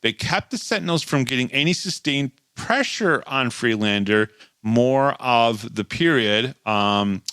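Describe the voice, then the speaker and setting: A man's voice: mid-range voice, expressive, measured pace, a bit bright, clean tone, no echo. A man co-hosting a podcast, chatting casually and recapping hockey games from his notes, with frequent restarts. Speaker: podcast co-host. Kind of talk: casual sports talk and game recap.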